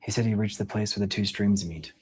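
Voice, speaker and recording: Man reading a secretive young woman from underground, low husky voice, grave and hushed. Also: fairly even intonation, fairly quick. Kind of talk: audition scene reading.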